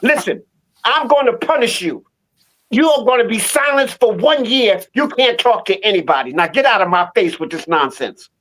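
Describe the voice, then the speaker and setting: A man voicing a stern male lion king in a spoken folk tale, gruff and dismissive. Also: high voice, lively intonation, normal speed, fairly bright tone, poor audio. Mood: scolding.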